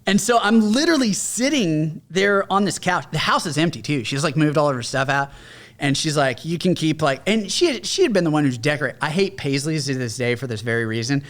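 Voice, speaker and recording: A man's voice: fairly high pitch, expressive, a little fast, fairly bright tone. A middle-aged man, a combat veteran and podcast guest, telling his story in a candid, conversational way and acting out what others said. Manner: candid, conversational, mimics others in quoted lines. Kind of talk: casual storytelling.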